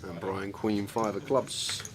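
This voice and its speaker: A man's voice: fairly low pitch, steady tone, takes it slowly. A man co-commentating on poker, loose and laughing as he tells a story. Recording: crowd chatter of a live card room.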